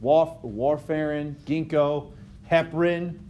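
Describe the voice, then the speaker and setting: A man's voice: fairly high pitch, steady tone, slow, warm tone, a little hiss or hum. A male instructor giving a recorded whiteboard lecture in a conversational way, often checking in with "okay?" and correcting himself mid-phrase. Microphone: tablet microphone.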